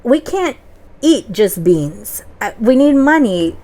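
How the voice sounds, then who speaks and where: A woman voicing Jack, a poor young boy, with a bright, eager and earnest delivery. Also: on the high side, very animated, takes it slowly.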